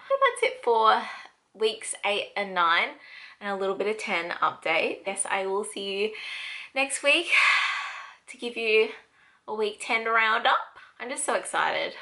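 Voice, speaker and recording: Young Australian woman vlogger, chatty and laughing, with a bright, forceful voice. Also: mid-range voice. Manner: chatty, laughs often, acts out quotes. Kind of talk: casual chat.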